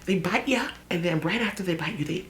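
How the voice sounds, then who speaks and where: A young woman telling a story in a chatty, animated way while getting ready, with asides to her viewers. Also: lowish voice, fairly quick, a little hiss or hum. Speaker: vlogger. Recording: roomy echo.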